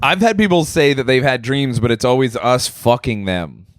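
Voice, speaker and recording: A young man co-hosts a podcast and talks casually, swearing freely and acting out little scenes as he goes. His voice sits at a middle pitch. The sound is dry and close, with no room around it. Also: normal speed, no room sound. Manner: profane, animated storytelling with acted-out quotes. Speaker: podcast co-host. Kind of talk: casual chat.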